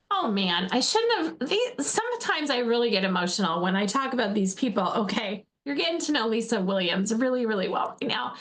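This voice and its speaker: A woman in her forties from Alaska giving an earnest motivational talk, often calling her listeners friends and repeating words as she goes. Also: a little high. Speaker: host, faith-based speaker.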